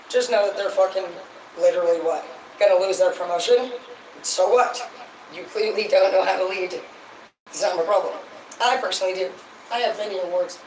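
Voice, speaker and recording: A woman's voice: mid-range voice, a little mellow. A woman hosting a casual livestream rant, blunt and heavily profane as she rambles. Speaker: livestream host. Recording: echoey, distant mic, noisy background.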